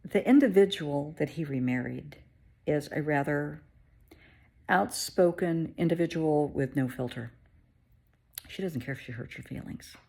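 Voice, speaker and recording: A woman's voice: deep voice, vocal fry, darkish tone, husky. A woman, a therapist, candidly telling her own story in a conversational, emotional way. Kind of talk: personal storytelling vlog.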